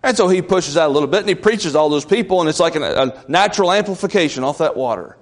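A man's voice: on the high side, expressive, fast. A male pastor preaching a sermon in a church, emphatic and questioning the congregation. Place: church sanctuary. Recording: long reverb of a large church.

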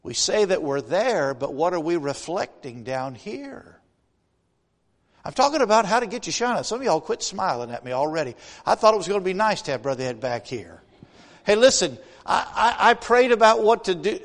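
A man's voice: high-pitched, sing-song, moderate pace. A man preaching a sermon as a guest preacher in a church. He speaks in a folksy way, asks the congregation many questions, and builds to emphatic points. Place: church sanctuary. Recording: long reverb of a large hall.

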